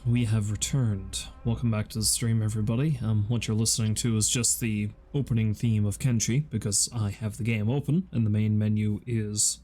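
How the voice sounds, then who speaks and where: A man's voice: fairly low pitch, fairly even intonation, normal speed, hardly any pauses, warm tone, slight background noise. A tired young man from Canada rambling wryly through a casual game stream. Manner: rambling, wry and self-deprecating. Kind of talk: casual gaming stream chat.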